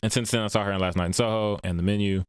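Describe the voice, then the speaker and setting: A man with a lowish, smooth voice co-hosting a casual movie review chat. He talks in a relaxed, agreeable way and backs up his partner often. The recording is dry and close. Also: racing, no room sound. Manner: relaxed, agreeable, lots of backchannel. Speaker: podcast co-host.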